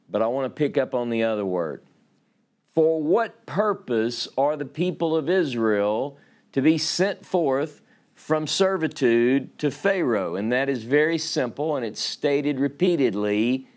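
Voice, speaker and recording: A man with a Louisiana drawl gives a Sabbath Bible teaching at an unhurried, measured pace. He reads scripture passages aloud and pauses to explain the Hebrew words. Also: mid-range voice. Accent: Southern US, Louisiana.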